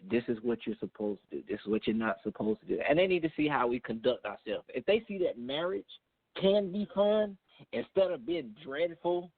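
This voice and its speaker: A man's voice: fairly high pitch, no room sound. A man appearing as a married guest on a podcast, talking earnestly with a preachy, faith-driven manner. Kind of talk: casual chat. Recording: dry, tinny phone-line sound.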